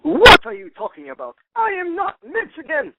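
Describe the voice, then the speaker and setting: A man's voice: high voice, very animated, normal speed, no room sound. A male caller putting on a Texan drawl as a grumpy cartoon dad, indignant and insulting, over a phone line. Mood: angry. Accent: put-on Texan.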